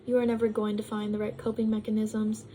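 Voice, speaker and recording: A woman's voice: medium pitch, monotone, fast talker, mellow, a little hiss or hum, rough recording. A young woman talking casually to her vlog audience, rambling with lots of ums and likes, sometimes while eating. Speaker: vlogger.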